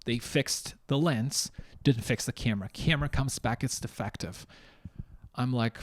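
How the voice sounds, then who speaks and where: A young man from Ukraine, telling a story to camera in a blunt, animated way and swearing freely. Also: mid-range voice, unhurried. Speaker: vlogger.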